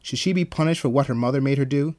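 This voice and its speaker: A man's voice: medium pitch, fast, warm tone, close to an everyday voice. A man voicing a stern older male guidance counselor who gives urgent commands. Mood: commanding.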